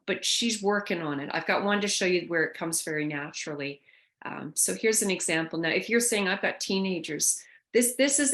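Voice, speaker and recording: A woman's voice: lowish voice, a bit bright. A woman presenting a caregiver workshop, talking loosely with fillers and restarts. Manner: conversational, thinks aloud with fillers and restarts. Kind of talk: online workshop talk.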